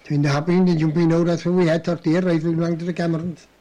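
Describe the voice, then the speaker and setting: Old guy from telling war stories, rambly, fairly high voice but soft and mellow. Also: little pitch movement, racing. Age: older. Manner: rambling anecdotal telling, with chuckles and restarts. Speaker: interviewee. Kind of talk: oral history storytelling.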